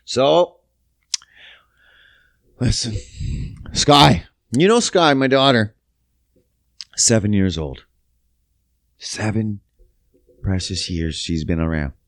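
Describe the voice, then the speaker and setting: A man in his thirties from Canada telling a story on his podcast, swearing often and swinging between loud outbursts and low mutters. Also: lively intonation, takes it slowly, long pauses, no room sound, studio quality. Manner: profane, emphatic, big pitch swings. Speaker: podcast host. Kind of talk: casual storytelling monologue.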